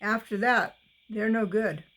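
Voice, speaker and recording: A woman voicing a stern but kindly farm father who gives calm, matter-of-fact advice. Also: medium pitch, measured pace.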